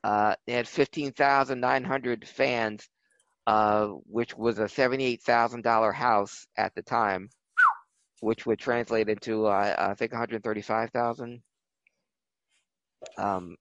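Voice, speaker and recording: A man co-hosting a wrestling podcast, telling history in a relaxed way with many fillers and restarts. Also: mid-range voice, dry recording, dull audio. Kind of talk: casual chat.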